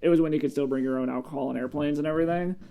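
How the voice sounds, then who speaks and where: A man co-hosting a podcast, chatty and quick to jump into the conversation. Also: on the high side, steady tone, gravelly, warm tone, clean tone. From Connecticut, USA. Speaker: podcast co-host. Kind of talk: casual podcast chat.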